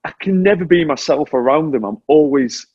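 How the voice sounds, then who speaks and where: A British man in his forties, once a motorcycle racer, chats animatedly as an interview guest over a remote link, telling self-deprecating stories. His voice is fairly high, husky and fairly quick. The audio is lo-fi and has no room sound.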